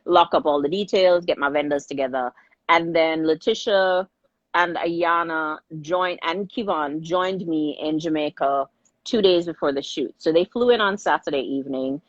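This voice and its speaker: A middle-aged woman filmmaker, a guest in a casual interview, tells her story in a lively way and often restarts her sentences. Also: low-pitched, moderate pace, no room sound. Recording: slightly muffled, dry recording.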